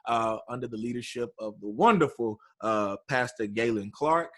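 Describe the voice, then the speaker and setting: A man's voice: mid-range voice, moderate pace. A man from East Texas in his thirties, a podcast guest telling stories in casual conversation and acting out the voices he quotes. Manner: animated storyteller, acts out quotes.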